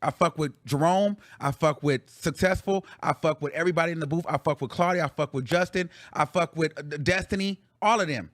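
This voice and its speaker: A man's voice: a little high, a little fast, hardly any pauses, no echo, clean studio sound. A man hosting his own show, ranting bluntly and profanely in heated commentary. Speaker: talk show host.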